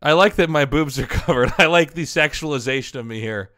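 Laughing man, crisp bright voice. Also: fairly high pitch, brisk, dry recording, clean studio sound. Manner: laughs often, amused asides, swears. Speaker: streamer reviewing fan drawings. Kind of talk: casual stream commentary. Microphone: headset.

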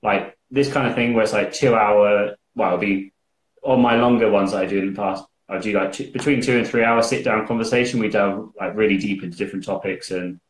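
A male interview host with a low voice, talking in a relaxed, rambling way full of fillers. The room around him is echoey. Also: a little fast. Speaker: podcast host. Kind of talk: interview questions.

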